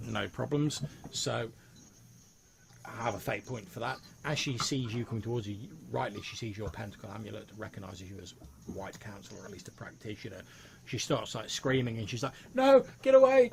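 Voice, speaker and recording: Gravelly-voiced man running a tabletop game. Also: on the low side, brisk, background noise. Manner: descriptive, steady narration with many "like" fillers. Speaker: game master.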